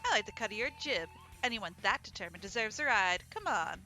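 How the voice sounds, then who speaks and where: A woman voicing a tough, stern female sparrow who rides a scooter, talking gruffly and lecturing. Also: medium pitch, animated, fairly quick, pushed and bright, soft background music.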